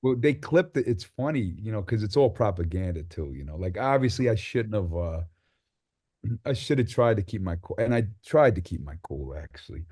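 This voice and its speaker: A middle-aged man, a rapper as interview guest, telling stories in a rambling, animated way and acting out people he quotes. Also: fairly low pitch, normal speed, breathy edge. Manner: animated, acts out quotes with sudden loud outbursts; rambling, many restarts and fillers, swears freely. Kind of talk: casual interview storytelling.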